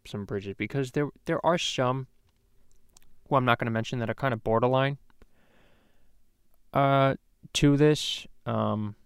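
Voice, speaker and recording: Ranting and swearing on his comedy podcast, a man keeps restarting as he rambles along. His lowish voice has a clean tone, captured on a podcast microphone with studio quality and no room sound.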